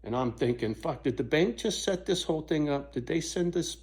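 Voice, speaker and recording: A man's voice: a little high, expressive, a little fast, a little mellow. A middle-aged man telling a rambling story in a casual vlog, swearing freely and often checking in with "right?". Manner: rambling, profane, frequent "right?" asides. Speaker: vlogger.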